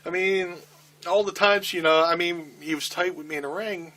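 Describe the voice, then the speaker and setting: A man's voice: high voice, normal speed. A middle-aged man telling a candid, profane backstage story in an interview, acting out what people said. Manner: profane, animated storytelling with acted-out quotes.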